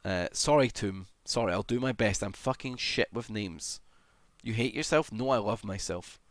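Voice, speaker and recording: Lower-voiced guy, rambling live-stream chat. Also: moderate pace, dry recording, studio quality. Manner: rambling and self-deprecating, swears often, hums idly. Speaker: livestreamer.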